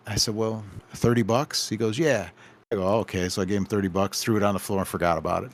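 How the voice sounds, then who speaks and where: A man's voice: on the low side, fast. A man who owns a game store, telling rambling anecdotes on a casual podcast and acting out the dialogue.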